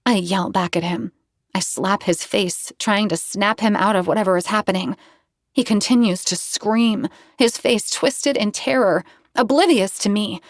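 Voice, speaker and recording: A woman's voice: mid-range voice, normal speed, dry recording, clean studio sound. Woman narrating a tense novel. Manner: tense, dramatic storytelling. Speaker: audiobook narrator. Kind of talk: first-person novel narration.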